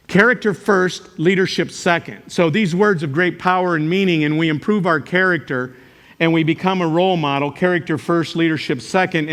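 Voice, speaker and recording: An older man, a teacher, giving a motivational talk to a live audience, telling jokey stories with sudden loud outbursts. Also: on the high side. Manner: animated storytelling, joking, sudden loud outbursts. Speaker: character education teacher and speaker. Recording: reverberant hall.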